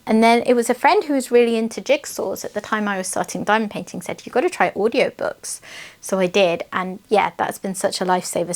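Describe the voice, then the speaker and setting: A woman from the United Kingdom hosting a casual craft channel, chatting enthusiastically at home as she unboxes kits. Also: medium pitch. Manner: chatty, enthusiastic, laughs often.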